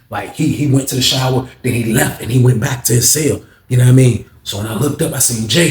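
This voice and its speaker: A man's voice: mid-range voice, a little hiss or hum. A man casually telling a slangy, repetitive story about prison life, in a roomy echo. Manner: slangy, repetitive, animated retelling.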